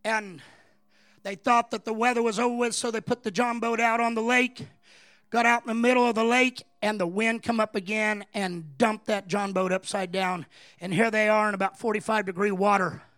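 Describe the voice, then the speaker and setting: A man preaching a sermon as a pastor, telling a story in a low, conversational voice that climbs into shouted, impassioned preaching. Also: fairly even intonation, normal speed, no echo, studio quality.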